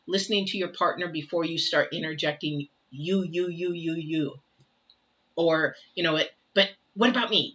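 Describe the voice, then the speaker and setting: This tarot reader is an older woman with a fairly low voice and a sharp edge to it. Her casual reading is talkative and repetitive, full of rhetorical questions, captured on a dull, lo-fi recording.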